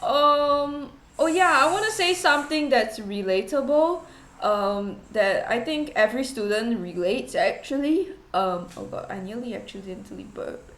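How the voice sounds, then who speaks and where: A young adult VTuber streamer with a fairly high, fairly bright voice chats casually at a measured pace. She rambles, giggles, and pokes fun at herself, her voice echoing noticeably around a roomy space.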